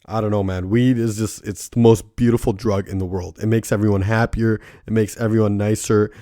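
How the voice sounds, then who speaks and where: A man's voice: lowish voice, little pitch movement, fairly quick, mellow, dry recording, studio quality. A young man hosting his own podcast, rambling casually with heavy swearing, lots of "like" and "right?", and laughing at his own stories. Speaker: podcast host. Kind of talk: casual solo podcast monologue.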